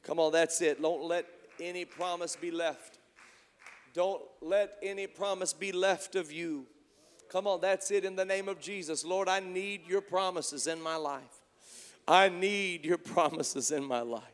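A man preaching as pastor, moving from quiet talk to shouted praise. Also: high-pitched, steady tone, unhurried, in a large hall. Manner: preaching, swinging from soft to shouting. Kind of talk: sermon. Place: church sanctuary.

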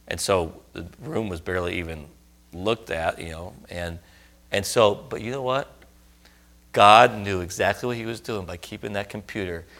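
A man's voice: fairly low pitch, gravelly, a bit bright. A middle-aged man preaching, telling a personal story earnestly and rising to emphatic outbursts. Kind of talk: sermon testimony.

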